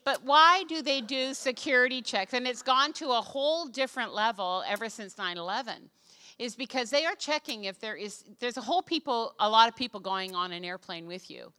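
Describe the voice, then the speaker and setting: An older woman pastor from Canada preaches to her congregation, her voice bright and clear. She tells personal stories with lively, self-deprecating humor. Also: on the high side, brisk. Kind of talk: sermon. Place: church stage before a congregation.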